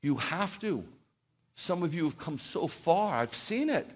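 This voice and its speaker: A man's voice: on the high side, very animated, a little slow. A middle-aged man preaching as a pastor in a church, heartfelt and rambling at first, then building to fervent exhortation. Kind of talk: sermon.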